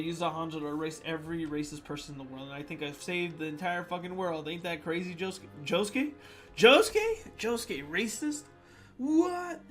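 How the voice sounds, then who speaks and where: A man reading submitted fan jokes out loud in a playful comedic voice, with sudden loud swings. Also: a little high.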